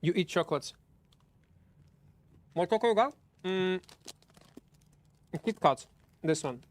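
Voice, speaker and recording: High-voiced streamer. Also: male voice, slow pace. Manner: chatty, excitable, stumbles and repeats words. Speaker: game streamer. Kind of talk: live gameplay commentary chatting with viewers.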